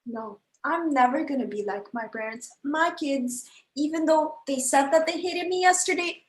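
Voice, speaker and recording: A woman's voice: high voice, normal speed, few pauses, roomy sound. A woman improvising a comedy scene, defensive and indignant, insisting she is good and loving. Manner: defensive, indignant, talks up her own goodness. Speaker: improv performer.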